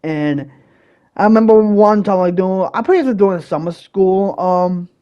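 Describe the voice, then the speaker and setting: A young man hosting his own channel, telling a personal story in a rambling, casual way, with many fillers and restarts and occasional bursts of loud exasperation. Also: high voice, measured pace, smooth, highs cut off. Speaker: channel host.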